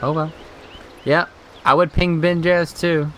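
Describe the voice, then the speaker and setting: A man's voice: fairly high pitch, flat delivery, unhurried, background noise. A man giving casual, rambling esports analysis with slang as a color commentator.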